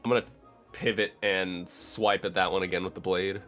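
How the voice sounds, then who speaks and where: A man playing in a tabletop role-play game, stating his character's actions briefly and in a low-key way. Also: level tone, moderate pace, fairly bright tone, soft background music. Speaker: player. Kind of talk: casual game talk.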